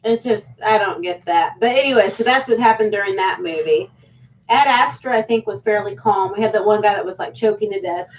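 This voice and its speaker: A woman co-hosting a casual podcast chat, telling stories in an animated way. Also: mid-range voice, a little fast. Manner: animated storyteller with laughs. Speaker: co-host. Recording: dull sound from a distant mic.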